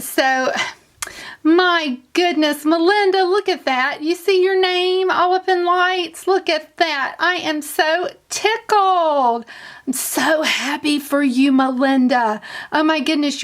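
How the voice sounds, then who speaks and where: Gushing woman in her fifties, slow. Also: sits high. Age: 50s. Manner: gushing, effusive, repeats herself. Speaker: beauty vlogger. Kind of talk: giveaway announcement vlog.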